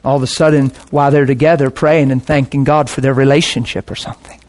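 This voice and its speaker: A man's voice: mid-range voice, fairly even intonation, fast, darkish tone, a little hiss or hum. A middle-aged man, a pastor, preaching a sermon in a passionate, conversational way.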